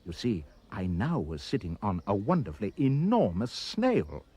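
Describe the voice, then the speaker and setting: A man reading a rhyming children's poem aloud with expressive, sing-song delivery. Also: fairly low pitch, moderate pace, breathy edge. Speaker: reader.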